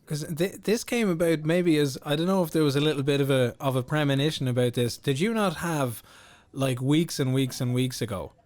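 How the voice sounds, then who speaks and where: A man's voice: on the high side, a little fast, darkish tone. A man hosting a podcast, chatting casually and rambling with lots of filler words. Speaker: podcast host. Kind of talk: casual interview chat.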